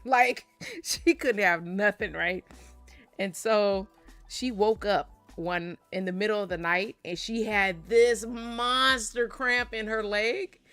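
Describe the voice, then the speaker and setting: A woman's voice: mid-range voice, sharp tone, no room sound. Chatty, laughing woman vlogger. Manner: chatty storyteller, laughs often. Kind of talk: casual chat while opening card packs.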